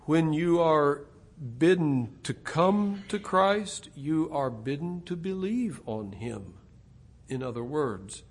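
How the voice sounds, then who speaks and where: A middle-aged man preaching an expository sermon, slow and deliberate, rising to loud emphatic stresses. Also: fairly high pitch, animated.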